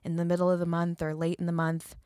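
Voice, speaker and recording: A woman's voice: fairly low pitch, monotone, fast, darkish tone, no room sound, studio quality. A woman co-hosting a podcast in a casual, upbeat and playful chat. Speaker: podcast co-host.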